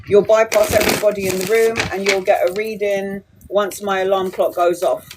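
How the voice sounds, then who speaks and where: A woman's voice: medium pitch, level tone, moderate pace, background noise. A woman in her forties giving reassuring, chatty tarot readings to viewers on a live stream. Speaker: tarot reader. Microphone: phone or webcam on a live stream.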